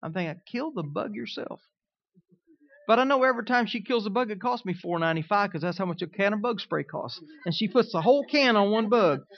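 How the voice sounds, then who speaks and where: A man preaching as a pastor, swinging between loud, emphatic lines and quiet, conversational asides. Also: sits high, lively intonation, fast talker, hardly any pauses, dull audio. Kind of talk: sermon.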